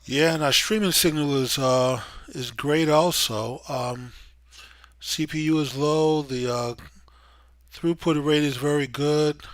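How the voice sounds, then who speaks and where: A man's voice: fairly high pitch, fairly even intonation, takes it slowly, dry recording. Male talk show host, easygoing and hesitant, dry close studio sound. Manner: easygoing, hesitant, many fillers. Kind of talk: casual talk show hosting.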